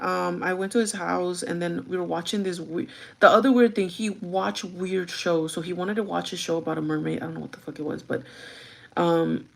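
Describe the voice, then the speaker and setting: A woman's voice: lowish voice, vocal fry. A young woman rambles through a personal story for her vlog. She talks casually, drops in plenty of fillers, and slips between languages mid-sentence. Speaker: vlogger. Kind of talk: casual chat.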